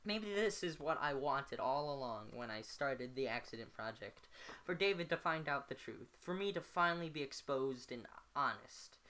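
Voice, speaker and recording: Woman, amateur reader of a novel; low pitch, bright tone, frequent self-corrections. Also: expressive, moderate pace. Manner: stumbles and self-corrects on words. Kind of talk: reading a novel aloud.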